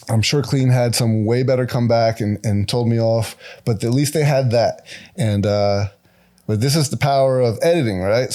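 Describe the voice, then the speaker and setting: A man in his forties, a guest tattoo artist, telling stories in casual podcast talk and acting out quotes with a raised voice. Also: mid-range voice. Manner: animated, acts out quotes with raised voice.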